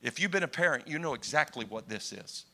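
A man delivers a sermon with a bright, forceful voice. He drops to slow, hushed phrases, then climbs into impassioned cries. He talks straight to his congregation. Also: medium pitch, animated, creaky. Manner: impassioned, swings from hushed to shouting. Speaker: preacher.

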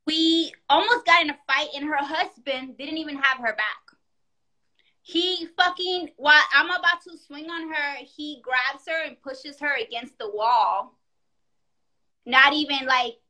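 Woman guest, high bright voice, tells a rowdy story in casual chat and acts out every quote. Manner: animated, profane storytelling with acted-out quotes.

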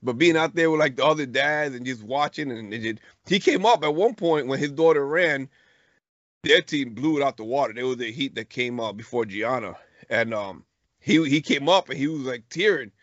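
A man's voice: medium pitch, expressive, normal speed, fairly bright tone, no echo. Slangy middle-aged man telling a story. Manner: slangy storytelling with many restarts. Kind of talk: casual chat. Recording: dull lo-fi podcast recording.

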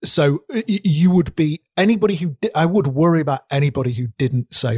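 A man's voice: a little high, brisk, few pauses, a little mellow, breathy edge, no room sound. A man co-hosting a casual business talk show, emphatic and repeating words for stress. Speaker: podcast co-host, recruiter. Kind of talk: casual chat.

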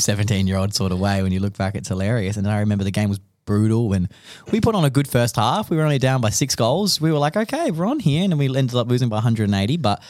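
A man's voice: fairly low pitch, darkish tone, no echo, studio quality. A young man hosting a podcast, telling an emotional story in a rambling way with many restarts. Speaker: podcast host. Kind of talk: casual chat.

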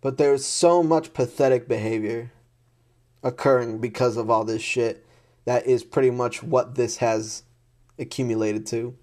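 A man rants to camera without a script, blunt, frustrated and exasperated, swearing heavily and repeating himself. His mid-range voice is steady, a little slow and darkish in tone.

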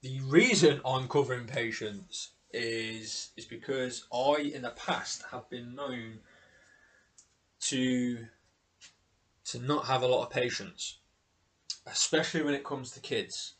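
A man talking on his own podcast in a loose, unscripted way. He is candid and a little self-mocking, and swears casually as he goes. His voice sits at an ordinary middle pitch. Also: takes it slowly, a bit bright. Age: adult with children. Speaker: podcast host. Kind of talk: casual solo podcast talk.

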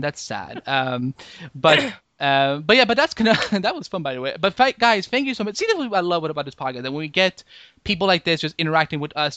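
Rambling, somewhat high-voiced male podcast host. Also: pushed and bright, no echo. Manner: rambling, with frequent "like" and restarts. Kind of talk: casual podcast chat.

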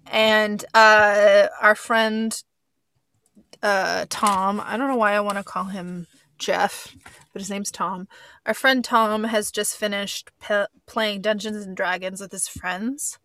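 A woman's voice: medium pitch, slow pace, bright, forceful tone, dry recording, studio quality. A woman hosting a podcast, chatting casually and rambling, with many fillers. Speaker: podcast host.

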